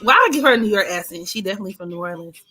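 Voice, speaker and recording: A woman hosting a casual livestream, greeting chat viewers and reading astrology charts in an animated way. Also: mid-range voice, racing, faint music behind. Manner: animated, greets chat by name, breaks into singing. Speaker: livestream host and astrology reader.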